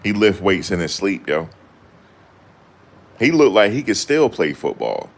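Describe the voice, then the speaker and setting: A man's voice: fairly low pitch, sing-song, unhurried. A young man chatting casually to camera in loose, slangy banter, often laughing. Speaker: vlogger.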